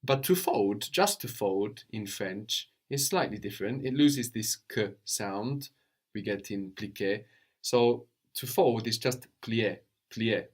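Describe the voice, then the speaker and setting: A man teaching a language lesson, patient and probing, often checking with a quick "no?". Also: fairly low pitch. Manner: patient, prompts with questions, tag "no?".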